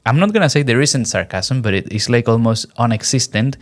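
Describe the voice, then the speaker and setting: A man hosts a relaxed podcast chat as an English teacher. He talks in a lively way and often acts out the lines other people said. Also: medium pitch, a little fast, faint music behind. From Venezuela. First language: Spanish. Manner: animated, acts out quoted lines in different voices. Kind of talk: casual chat.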